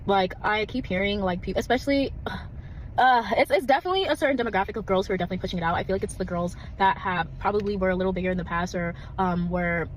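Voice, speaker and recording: A woman giving her opinion in a casual video, talking quickly with many fillers. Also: mid-range voice, slight background noise, rough recording. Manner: rapid talk with many fillers.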